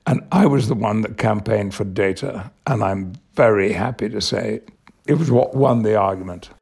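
An older Englishman speaks in a measured, reflective way as a radio interview guest. His voice is deeply gravelly and husky. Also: darkish tone. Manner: measured, thoughtful, reflective storytelling. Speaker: actor guest.

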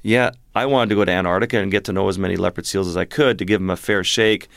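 A man's voice: low-pitched, fast, creaky, no room sound, studio quality. A man, a wildlife photographer, telling a vivid adventure story as a guest in an interview. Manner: vivid, animated storytelling with restarts.

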